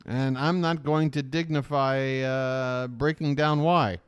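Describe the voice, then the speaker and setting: A man's voice: medium pitch, fairly even intonation, takes it slowly, clear, resonant tone. A man hosting a live stream, riffing sarcastically on a video with jokes and swearing. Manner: sarcastic, jokey, swears, does mocking voices. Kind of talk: casual riffing commentary.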